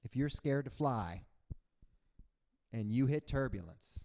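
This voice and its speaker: A young adult man performing a stand-up comedy set, animated, jumping into loud high voices for the people in his stories. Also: slow pace. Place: comedy stage before a live audience.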